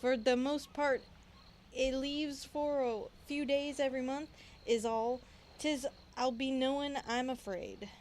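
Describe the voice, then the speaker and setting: A woman's voice: high-pitched, steady tone, measured pace, darkish tone, slight background noise. A woman voicing a greedy male pirate sailor in a put-on pirate accent, stumbling over the dialect as she reads. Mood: gruff.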